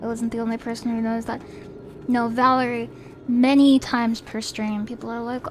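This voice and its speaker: A woman streaming a game from home, chatting in a playful, rambling way and teasing herself between thoughts. Her voice sits a little high, with a faint hiss behind it. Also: flat delivery, moderate pace. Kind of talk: casual chat.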